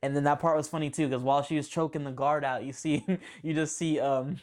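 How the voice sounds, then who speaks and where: Excitable, rambling male movie reviewer. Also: a little high, brisk. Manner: excitable, rambling, with frequent restarts and slangy asides. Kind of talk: casual spoken movie review.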